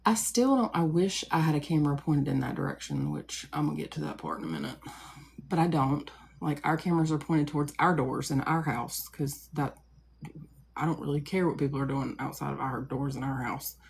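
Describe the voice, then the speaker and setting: A woman's voice: sits low, expressive, a little fast, creaky, a little hiss or hum. A woman in her thirties telling a long story casually to a live audience, rambling with many asides and fillers. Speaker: live streamer.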